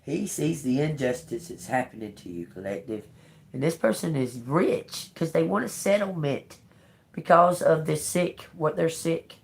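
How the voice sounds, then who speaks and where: A woman's voice: low voice, expressive, a little slow, vocal fry. A woman giving a live-streamed tarot reading, emotional and blunt, swearing freely. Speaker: tarot reader.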